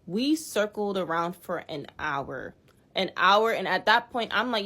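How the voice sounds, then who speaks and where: Profane, animated young woman telling a story. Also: lowish voice, normal speed. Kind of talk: casual storytime vlog.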